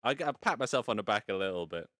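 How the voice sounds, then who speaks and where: A man's voice: on the low side, expressive, fast, a bit bright, no room sound, studio quality. A man casually hosting a live stream from inside virtual reality, rambling and playful with some casual swearing. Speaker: VR streamer hosting a fashion show. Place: indoors in a home VR setup.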